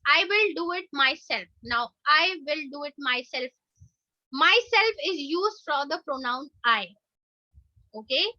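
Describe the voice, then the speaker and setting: A woman teacher with an Indian English accent, explaining grammar step by step in an online lesson and repeating example sentences slowly. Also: extremely high pitch, bright, forceful tone, no room sound. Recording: dull, dry lo-fi recording.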